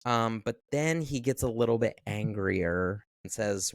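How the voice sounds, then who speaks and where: A man's voice: fairly low pitch, unhurried, no echo, studio quality. A man co-hosting a podcast, talking casually and thoughtfully about a film, often hesitating and restarting his sentences. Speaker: podcast co-host. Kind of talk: casual chat recapping a film.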